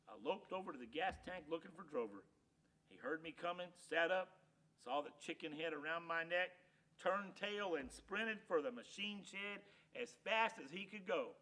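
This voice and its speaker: A man reading a children's storybook aloud with dramatic, animated delivery. His voice sits a bit high and sounds bright and tense. He throws himself into every turn of the tale. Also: normal speed. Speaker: narrator. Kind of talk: storybook reading, first-person as a dog.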